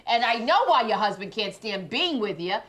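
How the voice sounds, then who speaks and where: A woman co-hosting a comedic chat show, ranting in an animated, joking way. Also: on the high side. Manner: animated, ranting, quick laughs. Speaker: co-host.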